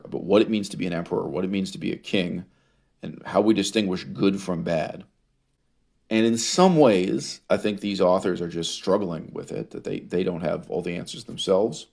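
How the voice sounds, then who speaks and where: Low, creaky, and a little mellow, this man's voice carries a lecture on ancient history. He reads out source passages and remarks on them wryly, chuckling at his own readings, posing rhetorical questions, and stretching out words to stress them.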